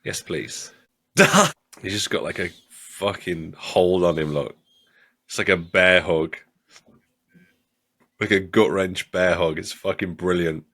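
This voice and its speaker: A man co-hosting a podcast, chatting casually and excitably, swearing and laughing often. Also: low voice, takes it slowly, pauses often. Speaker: podcast co-host. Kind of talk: casual chat.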